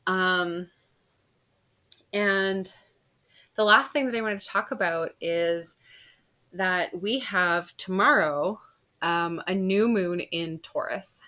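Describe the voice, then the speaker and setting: Chatty mom telling a story, lower-pitched. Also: female voice, slow, long pauses, pushed and bright. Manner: chatty, laughs often, lots of fillers. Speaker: podcast host. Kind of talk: casual personal storytelling.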